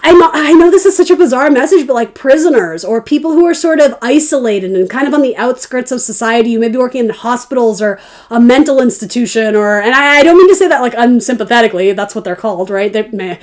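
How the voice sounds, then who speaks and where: A young woman reads tarot for her viewers in a loose, conversational way. Her voice sits a little high, and she rambles through her thoughts with frequent laughter. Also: darkish tone. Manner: chatty, rambling, laughs often. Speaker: tarot reader. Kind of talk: casual tarot reading.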